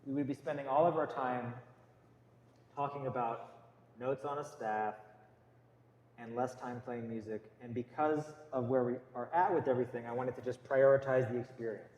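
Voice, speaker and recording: In an echoey room with slight background noise, a male guitar teacher counts out beats and names note letters for the class to say in unison. He speaks at a medium pitch and normal speed, steady and a little mellow.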